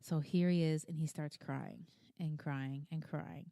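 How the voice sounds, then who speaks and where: A woman's voice: sits low, fairly even intonation, a little slow, creaky, mellow, no room sound, clean studio sound. Frank, foul-mouthed woman chatting. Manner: frank, swears freely, rambling with fillers. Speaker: podcast co-host. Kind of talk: casual chat.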